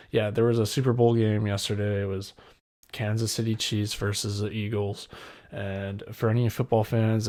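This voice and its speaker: A man's voice: lowish voice, darkish tone. A man in his twenties hosting a solo podcast, rambling candidly and poking fun at himself, with wet mouth sounds when he talks. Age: 20s. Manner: rambling, self-deprecating, candid. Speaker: podcast host. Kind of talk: solo casual podcast chat.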